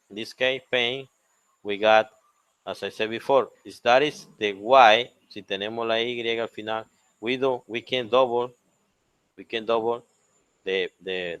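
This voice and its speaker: Low-voiced teacher with a Chilean Spanish accent. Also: male voice, a bit bright, no room sound. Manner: switches to Spanish to repeat points, spells out letters. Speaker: English teacher. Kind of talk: bilingual grammar lesson.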